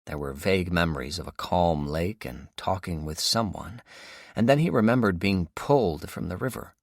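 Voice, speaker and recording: Deep-voiced man narrating an audiobook. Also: gravelly, dry recording, studio quality. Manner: steady, measured storytelling. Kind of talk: scripted narration.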